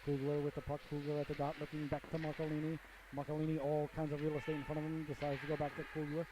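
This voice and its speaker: Give me a man doing folksy hockey play-by-play, slightly high voice, with a lot of noise behind. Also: completely flat delivery, fast. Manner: folksy, joking asides to the audience. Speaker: play-by-play commentator. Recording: noisy amateur broadcast audio.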